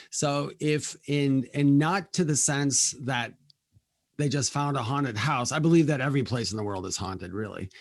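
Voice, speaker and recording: A man in a casual podcast interview, telling stories in a chatty, animated way and acting out the quotes, on a close studio mic. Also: mid-range voice, dry recording. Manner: chatty, animated storyteller who acts out quotes. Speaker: guest, spiritual medium.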